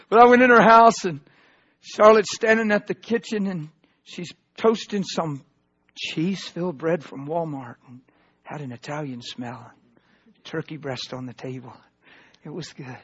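A pastor preaching a sermon, swinging from loud emphatic proclamations to hushed asides. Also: male voice, a little high, a little slow, husky, dull audio.

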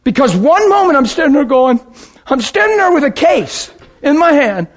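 A man preaching a sermon and telling his own conversion story, emphatic and dramatic, dropping to a hush and then shouting. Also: extremely high pitch, sing-song, normal speed. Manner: emphatic, dramatic, swings between hushed and shouting. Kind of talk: sermon with personal testimony.

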